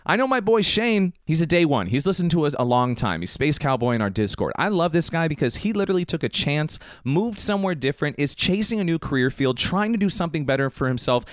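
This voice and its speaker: Hyped man with a lively voice. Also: a little high, no room sound, clean studio sound. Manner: hyped, enthusiastic, pep-talk delivery. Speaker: podcast host. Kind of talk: motivational podcast monologue.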